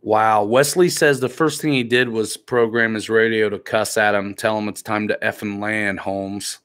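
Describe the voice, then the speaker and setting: A man's voice: on the low side, steady tone, moderate pace, fairly bright tone. A man hosting a live stream in a laid-back, joking way, reading viewer comments aloud and teasing the people in the chat.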